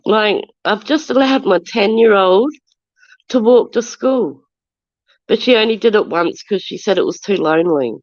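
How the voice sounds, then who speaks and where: A woman's voice: mid-range voice, expressive, moderate pace, a little mellow, no echo. An Australian woman in her forties with a stuffy nose from a cold, ranting defensively on a casual live stream and greeting viewers as she goes. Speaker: livestreamer. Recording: dull lo-fi stream audio.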